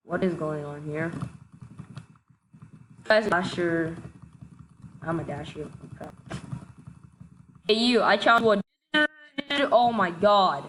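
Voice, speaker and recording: Excitable woman gamer talking slowly. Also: on the low side, slight background noise, rough recording. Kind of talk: casual gameplay commentary.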